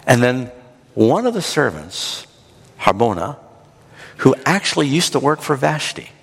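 A man preaching a sermon, retelling a scripture story in an animated, dramatic way. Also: mid-range voice, unhurried, gravelly, husky, long reverb tail. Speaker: pastor.

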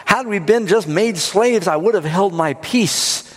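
A man's voice: sits high, unhurried, a bit bright, pitched above the performer's own voice. A man preacher voicing a brave queen who pleads earnestly for her people, in a reverberant hall. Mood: pleading.

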